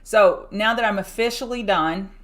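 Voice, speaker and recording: Brisk Southern country woman trading host. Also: medium pitch. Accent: Southern US country accent. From rural US. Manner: brisk, chatty, addresses viewers as y'all. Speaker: stock market show host. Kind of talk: fast pre-market trading rundown.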